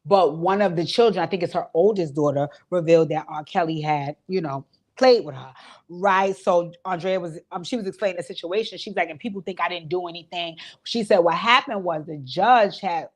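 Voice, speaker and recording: A woman's voice: fairly low pitch, fairly quick. A woman hosting her own channel, casually retelling an interview in an informal, storytelling way. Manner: chatty storytelling, relays what others said; informal speech with many fillers. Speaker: host recapping an interview. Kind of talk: casual recap commentary.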